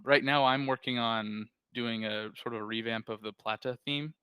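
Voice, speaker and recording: Man, low crisp bright voice, flat delivery, matter-of-fact. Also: normal speed. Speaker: test engineer. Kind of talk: casual self-introduction. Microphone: video call.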